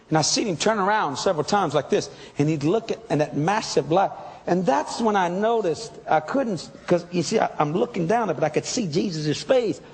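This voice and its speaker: A man preaching a testimony sermon, telling his story with excitable emphasis and sudden shouts. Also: on the high side, long reverb tail.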